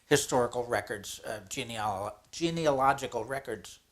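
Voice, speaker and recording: A man co-hosts a casual chat in a voice of middling pitch. He mostly offers short agreements. Now and then he drops in a dry quip. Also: normal speed. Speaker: co-host.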